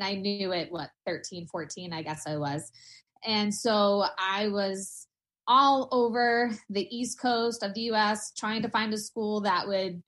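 A woman in her forties from New Hampshire speaks as an interview guest. She tells her story in a chatty, energetic way, at a mid pitch. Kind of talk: casual interview.

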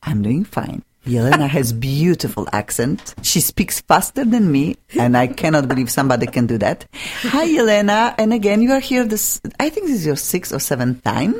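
A woman's voice: sits low, very animated, moderate pace, husky. A woman hosting a studio talk show, chatty and enthusiastic, with non-native phrasing. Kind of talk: casual studio chat.

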